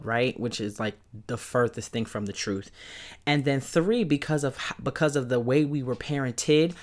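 Chatty Brooklyn-accented woman podcast host. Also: rumbling low. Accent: Brooklyn New York. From Brooklyn, New York. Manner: upbeat and chatty, with loud excited peaks. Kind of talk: casual solo podcast talk.

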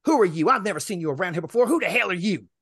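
A man playing a shrill angry older woman. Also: animated, very fast, slightly rough, no echo, clean studio sound, exaggerated voice. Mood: hostile. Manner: shrill, accusing shouts. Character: angry paranoid woman in her fifties.

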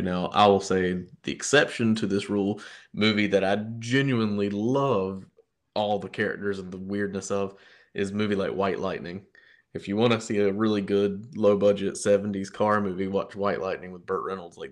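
A man co-hosting a podcast, talking about movies in a rambling, enthusiastic way, with frequent restarts. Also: deep voice. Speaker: podcast co-host. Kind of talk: casual film discussion.

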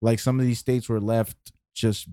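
A man in his forties talks loosely on a podcast, leaning on fillers and repeating himself. His voice sits at an ordinary pitch. The recording is dry and close. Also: normal speed, no echo. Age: 40s. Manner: relaxed, filler-heavy, repeats words. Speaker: podcast co-host. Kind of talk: casual chat.

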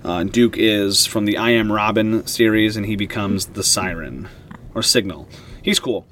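A man hosting a casual comic-book podcast, retelling the story with excited, animated energy. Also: on the low side, measured pace, a little hiss or hum. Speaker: podcast host.

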